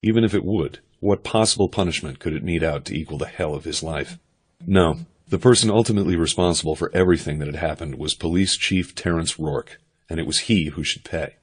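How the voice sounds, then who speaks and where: A man doing steady, measured first-person audiobook narration. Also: low-pitched, husky.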